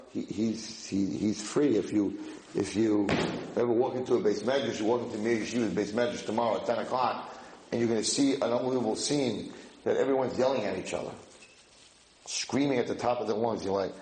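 Animated man giving an informal Torah class. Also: mid-range voice, fairly quick. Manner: animated, acts out shouting students; mixes Hebrew and Yiddish terms into English. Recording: echoey room, faint noise.

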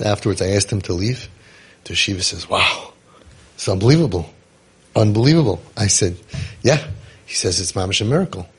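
A man's voice: fairly low pitch, husky. A man, casually telling a story and acting out the dialogue with lots of restarts. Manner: animated storyteller, acts out dialogue, many restarts. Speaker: parenting guide telling a story.

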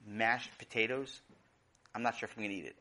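Male narrator as a stubborn young boy, low and hesitant. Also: steady tone, brisk, pushed and bright.

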